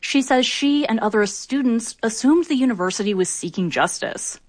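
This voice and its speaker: A woman reporting a news story on radio in a measured, clear delivery. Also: fairly high pitch, animated, no room sound.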